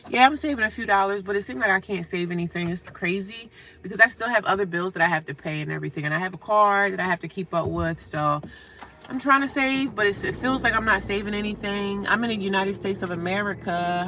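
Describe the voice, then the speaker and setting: A woman's voice: medium pitch, fairly quick, fairly bright tone, highs cut off. A woman from New Jersey live-streaming, bluntly ranting at trolls and chatting casually with viewers.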